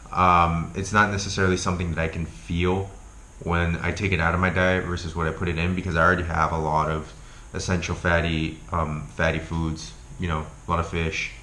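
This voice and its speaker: A young man vlogging at home, talking loosely and swearing often, with lots of ums and likes. His voice is deep yet bright and forward. The room sounds echoey, with a faint hiss behind him. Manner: profane, animated, lots of filler words. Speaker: health vlogger. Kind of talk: casual vlog rant and talk.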